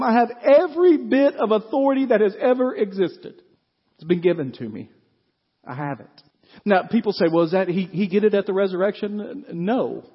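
A man's voice: high-pitched, slightly rough, in a large hall, dull audio. A middle-aged man, preaching a folksy sermon to his congregation and checking in with them often with "right?". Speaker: pastor. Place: church sanctuary.

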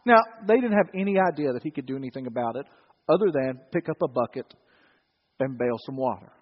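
A man's voice: medium pitch, lively intonation, fairly quick, slightly rough. A man preaching a sermon, joking with the congregation in a conversational way. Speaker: pastor. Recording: dull sound in a reverberant hall.

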